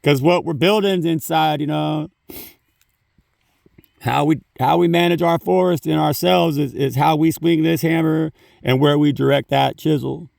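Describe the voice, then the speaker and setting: High gravelly man in a rambling spiritual vlog. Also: fairly even intonation, measured pace, a little mellow, no echo, clean studio sound, far from the mic. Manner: rambling, swears, says "you know" often. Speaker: spiritual vlogger. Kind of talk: casual spiritual talk. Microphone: phone.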